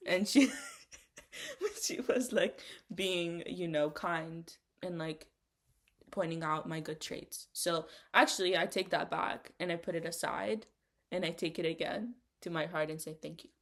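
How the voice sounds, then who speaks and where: A woman's voice: on the low side, measured pace. A young woman co-hosting a casual podcast chat, talking in an earnest, encouraging way. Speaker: podcast co-host.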